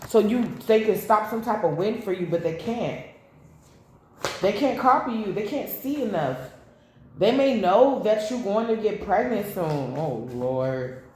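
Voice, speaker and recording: A woman reads tarot in a loose, chatty way, blunt and quick to curse as she wanders into side stories. Her voice sits at an ordinary middle pitch. The recording rings with heavy room echo. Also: animated, a little mellow, a little hiss or hum. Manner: blunt, profane, rambling asides. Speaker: tarot reader. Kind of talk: casual tarot reading to camera. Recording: very echoey room.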